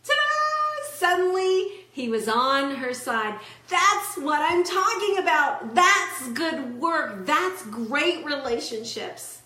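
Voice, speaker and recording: A woman's voice: sits high, slow, few pauses, echoey room. A woman relationship coach giving a motivational talk, telling client stories and acting out their words. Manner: storytelling, animated quoting of clients.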